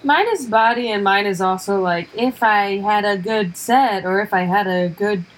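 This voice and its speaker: A young woman comedian co-hosting a podcast, ranting emphatically in casual chat and chiming in with quick agreement. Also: medium pitch, low-quality recording.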